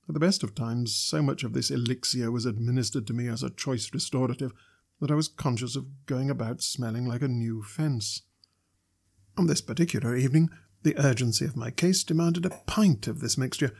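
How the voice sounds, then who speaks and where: A man reading a classic novel aloud as narrator, in a measured, steady way. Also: medium pitch, vocal fry, breathy edge. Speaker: audiobook narrator. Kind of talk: scripted narration.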